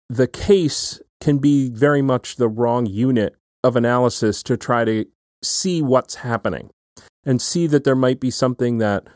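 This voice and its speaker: A man's voice: medium pitch, a little mellow, no echo, studio quality. A man hosting an academic talk, building long, careful questions and often checking in with "right?". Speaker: podcast host. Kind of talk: academic conversation.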